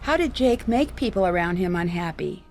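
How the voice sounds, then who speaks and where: An actress playing a curious young woman detective who asks question after question in an even, inquisitive way in a video game. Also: lowish voice, normal speed, soft background music.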